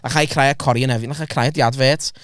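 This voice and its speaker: A man's voice: mid-range voice, fairly even intonation, racing, fairly bright tone, clear, resonant tone, no echo, studio quality. A young man, telling crude, laughing stories in a casual podcast chat. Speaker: podcast host.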